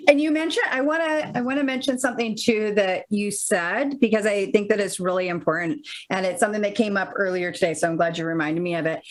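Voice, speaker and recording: A woman's voice: mid-range voice, fast, few pauses, poor audio. A woman co-host speaking earnestly and encouragingly in a podcast conversation.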